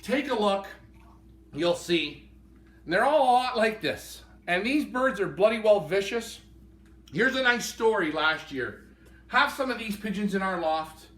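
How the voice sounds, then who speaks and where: Guy with a high bright voice hyping up birds at a live auction, kinda far off in a roomy space. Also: lively intonation, a little slow. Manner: enthusiastic, appraising birds in hand. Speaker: pigeon handler and auction co-host. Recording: roomy sound from a distance.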